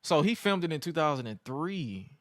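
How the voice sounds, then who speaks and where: A man co-hosting a podcast, recapping an old wrestling show in casual chat, animated and laughing often. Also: on the high side, moderate pace, dry recording, clean studio sound. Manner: animated, laughs often, puts on voices when quoting. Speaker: podcast co-host.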